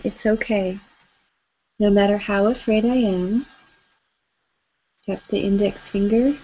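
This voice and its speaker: Lady coaching a tapping circle, soft and steady, slightly dull lo-fi sound. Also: on the high side. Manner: gentle, coaching, repeats phrases for others to echo. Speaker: EFT tapping facilitator. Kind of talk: guided tapping session on a live stream.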